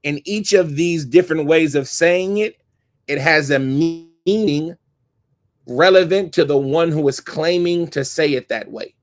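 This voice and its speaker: Man, teacher, mosque class, hadith lesson, reads Arabic quickly, explains terms, thinks aloud. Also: fairly high pitch, no room sound.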